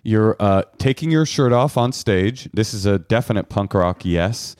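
Man co-host, lower voice, deadpan sarcastic banter, close dry mic. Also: unhurried, no echo. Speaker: podcast co-host. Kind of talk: casual comedic chat.

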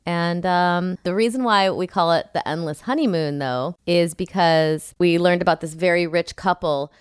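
A woman's voice: lowish voice, normal speed, clean tone, no room sound, studio quality. A woman co-hosting a podcast in casual chat, frank and wry, swearing freely. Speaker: podcast co-host.

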